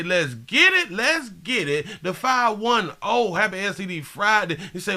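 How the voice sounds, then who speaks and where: A male live-stream host with a high, ringing voice and a piercing brightness. He talks in an excitable, slangy way, reading out viewers' greetings and repeating his catchphrases over and over. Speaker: livestream show host. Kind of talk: live stream commentary and chat shout-outs.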